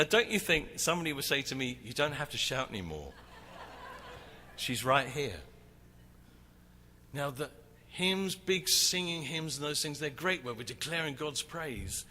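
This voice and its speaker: A man teaching about worship at a conference, animated as he tells a story. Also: a little high, moderate pace, a little hiss or hum. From England. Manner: animated, acts out shouting crowd. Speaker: worship leader. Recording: reverberant hall, faint ambience.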